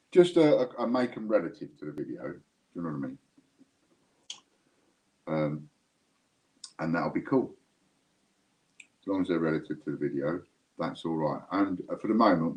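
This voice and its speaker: Very low-voiced guy rambling at his viewers on a stream, dull muffled audio. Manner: rambling, jokey, talks straight to viewers. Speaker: live stream host. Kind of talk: casual live-stream chat.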